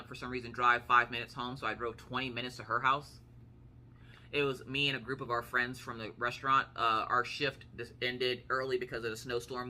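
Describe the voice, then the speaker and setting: A woman's voice: very deep voice, sharp tone. A woman in her thirties from the United States, telling a story in a casual, chatty way that acts out the quotes and swears now and then. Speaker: vlogger.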